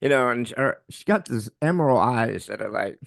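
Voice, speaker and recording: A man's voice: mid-range voice, expressive, brisk, gravelly, no room sound, clean studio sound. A man co-hosting a podcast, telling a raw, emotional personal story and swearing as he relives it. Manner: raw, swearing, quotes himself shouting. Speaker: podcast co-host.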